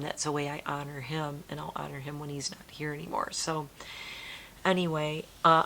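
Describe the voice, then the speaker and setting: Casting: middle-aged woman, low voice, casual rambling vlog chat, faint rumble behind. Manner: rambling, emotional, soft-spoken with laughs. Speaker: vlogger.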